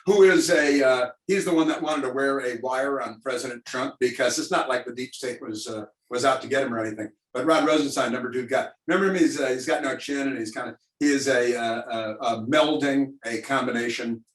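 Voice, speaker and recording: Talk radio guy riffing sarcastic political commentary, mid pitch, echoey room, mic set back a bit. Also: steady tone, brisk, hardly any pauses. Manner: sarcastic, rambling, many fillers. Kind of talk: opinionated political commentary to listeners. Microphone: video call. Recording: roomy, distant mic.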